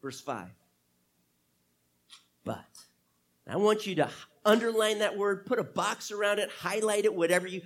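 A man preaches to his congregation in an emphatic, dramatic way, his pitch rising and falling widely. He leans on rhetorical questions and slows down to draw out the words he wants to land. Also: expressive, a bit bright. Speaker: pastor. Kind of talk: sermon.

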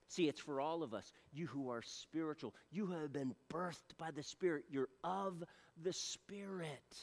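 A man preaching a sermon to his church. He shifts from loud appeals to soft, hushed lines. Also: fairly high pitch, unhurried, gravelly, few pauses, big-room sound. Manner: earnest preaching, swings from loud appeals to soft near-whispers. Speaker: pastor.

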